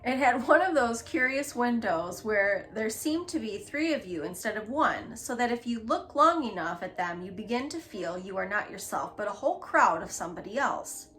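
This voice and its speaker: A woman's voice: on the high side, animated, normal speed, hardly any pauses, fairly bright tone. Woman reading a children's classic aloud. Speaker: storybook reader. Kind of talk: children's book read-aloud.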